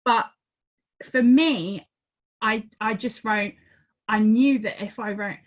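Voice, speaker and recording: A woman telling a personal story in a casual, animated way. She acts out her own reactions and repeats words as she goes. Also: a little high, slow pace, highs cut off. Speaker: community member sharing a story. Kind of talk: casual storytelling on a group call.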